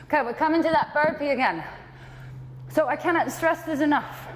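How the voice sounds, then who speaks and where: Breathless woman fitness coach, high voice, echoey hall, cheering people on through the workout. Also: brisk, a little hiss or hum. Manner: encouraging, breathless between exercises. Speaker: fitness trainer.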